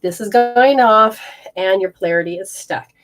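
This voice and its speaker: A woman's voice: mid-range voice, normal speed, soft background music. A woman leading a live energy healing session, rambling and often breaking off mid-sentence as she walks through hands-on techniques. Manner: rambling, self-interrupting, explains hands-on techniques. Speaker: energy healer.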